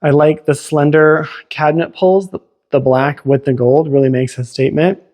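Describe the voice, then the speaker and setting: A man's voice: fairly high pitch, fairly even intonation, normal speed, a little mellow. A man working as a realtor, narrating a casual walk-through of a house with chatty, enthusiastic exclamations as he moves from room to room. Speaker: realtor giving a home tour. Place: inside a house, walking room to room.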